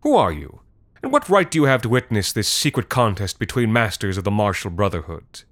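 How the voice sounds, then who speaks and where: A man voicing a scornful palace official who shouts and mocks. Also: on the low side, big pitch swings, fairly quick, no echo, studio quality. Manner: shouting, mocking.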